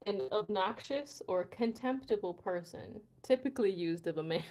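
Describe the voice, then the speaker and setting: A woman's voice: medium pitch, animated, moderate pace, mellow. An American woman hosting a casual live chat, reading viewer comments aloud and laughing often between words. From United States. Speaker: host of a language channel.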